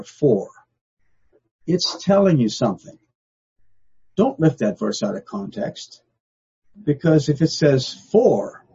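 An older man teaches a Bible study in a relaxed, folksy way, leaning hard on single words and saying them again to make a point. His voice is deeply husky and mellow, and the recording has a dull, lo-fi sound. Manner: folksy and emphatic, repeats key words. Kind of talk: informal Bible study lesson.

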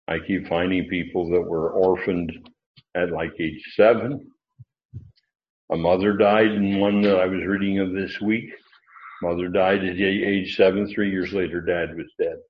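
A man's voice: low voice, lo-fi sound. A man teaching an informal Bible lesson to a class that includes online listeners, talking it through with fillers and restarts. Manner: conversational, thinking aloud with fillers and restarts.

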